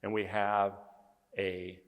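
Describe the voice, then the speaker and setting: A man's voice: lowish voice, level tone, slow, clean tone, in a large hall. A man speaking as a conference speaker, earnestly telling a story with emphasis. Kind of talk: storytelling talk.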